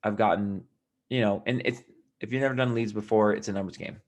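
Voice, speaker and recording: A man with a fairly low voice tells his story in a loose, rambling way, restarting his sentences and sinking into a quiet mutter. He sounds a bit tired as he talks straight to his viewers. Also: fairly even intonation, brisk. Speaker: vlogger. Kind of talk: casual storytelling to camera.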